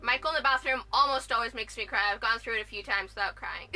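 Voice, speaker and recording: A woman's voice: on the high side, fairly quick, pushed and bright, faint music behind. A young woman talking casually in a vlog, rambling and restarting with lots of fillers. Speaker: vlogger.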